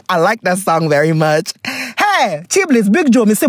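A woman's voice: medium pitch, very animated, slow, long pauses, no room sound. A woman co-hosting a podcast, reading a listener's letter aloud and breaking off to comment bluntly and jokingly. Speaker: podcast co-host.

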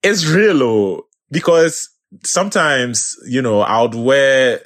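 A man from Ghana with a Ghanaian accent, chatting as a guest and telling stories in an animated way. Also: mid-range voice, takes it slowly. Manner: animated storytelling with quoted voices. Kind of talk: casual conversation.

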